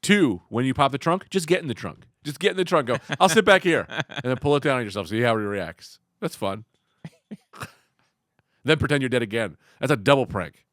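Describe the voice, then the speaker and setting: Male comic co-host, lively bright delivery, dry close-mic sound. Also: medium pitch, moderate pace, dry recording. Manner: animated storytelling, acts out lines. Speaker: comedian podcast co-host. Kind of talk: casual comedic chat.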